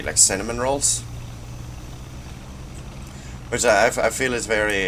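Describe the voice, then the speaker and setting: A Swedish man, just woken up and a bit groggy, commenting casually on his gameplay with a laid-back, rambling manner and sudden loud outbursts. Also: lowish voice, slight background noise. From Sweden. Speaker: gaming channel host.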